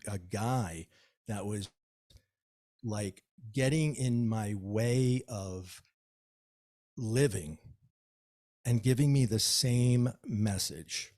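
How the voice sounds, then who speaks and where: A man, an author guest, telling a personal story in an interview with lively, acted-out dialogue. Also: lowish voice. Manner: animated storyteller, acts out dialogue.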